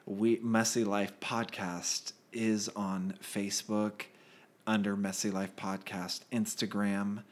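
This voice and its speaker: A woman co-hosting a podcast in casual chat, low-key and measured, often affirming her partner. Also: little pitch movement. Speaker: podcast co-host.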